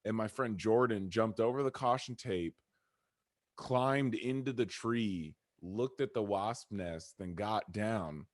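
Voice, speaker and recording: A young man co-hosting a casual podcast chat, telling school stories in an animated, joking way. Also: fairly low pitch, slow pace, no echo, clean studio sound. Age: young adult. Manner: animated storytelling, jokey. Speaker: podcast co-host.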